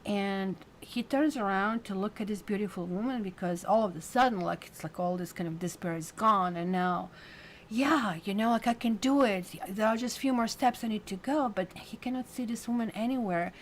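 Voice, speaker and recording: A woman's voice: medium pitch, normal speed, a little hiss or hum. Chatty woman doing a tarot reading. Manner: chatty, filler-heavy, coos to her cat. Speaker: tarot reader. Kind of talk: casual weekly tarot reading.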